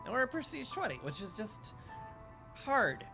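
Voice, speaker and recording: A man streaming a strategy game live, talking through his choices in a relaxed, dryly joking way with frequent "uh" fillers. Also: high voice, normal speed, gravelly, over music. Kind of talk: casual live game commentary.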